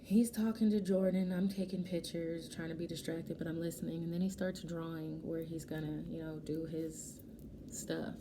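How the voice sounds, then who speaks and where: A young adult woman vlogger casually telling a personal story while doing her makeup, animated and emotional, acting out what people said. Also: deep voice, moderate pace, background noise. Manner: emotional, animated retelling with quoted dialogue. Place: home, getting ready.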